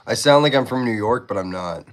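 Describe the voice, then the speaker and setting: On a knife-sharpening livestream, a Canadian man with a matching accent and medium-pitched voice chats casually, reading viewer comments aloud as he works.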